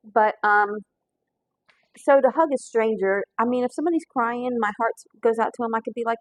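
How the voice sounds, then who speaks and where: In a rough recording with no room sound, a woman talks fairly quickly in a fairly high voice. She's a pastor and cooking show host, telling heartfelt stories while she cooks, earnest and folksy, with frequent restarts and fillers. She seems to be holding back tears.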